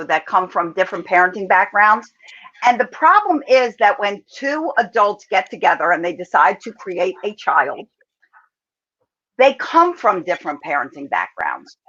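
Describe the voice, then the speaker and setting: Calm woman coach, bright lo-fi voice. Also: mid-range voice. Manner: calm, measured advice-giving. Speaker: parenting coach answering viewer questions. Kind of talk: online webinar talk. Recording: dull lo-fi audio.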